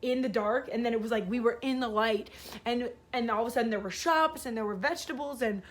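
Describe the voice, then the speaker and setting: A woman's voice: a little high, fast talker, a little hiss or hum. Rambling woman telling a story. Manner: rambling, filler-heavy, animated retelling. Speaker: vlogger. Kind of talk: casual storytelling.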